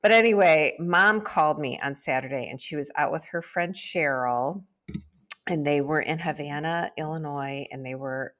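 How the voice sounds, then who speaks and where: A woman's voice: sits low, normal speed, fairly bright tone. A middle-aged woman from the Midwest, co-hosting a casual podcast chat and telling family stories. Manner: chatty storyteller. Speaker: podcast co-host.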